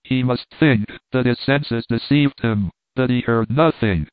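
A man's voice: medium pitch, measured pace, smooth, dry recording, lightly acted. A man voicing a bold, impatient hunter who speaks with urgency and eagerness. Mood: urgent. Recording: tinny phone-like dry sound.

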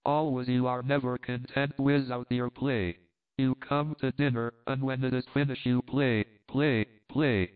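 A man's voice: mid-range voice, little pitch movement, unhurried, clean tone, close to an everyday voice. A man voicing a flirtatious, theatrical foreign woman who scolds in an exclamatory way. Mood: teasing. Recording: tinny phone-like sound.

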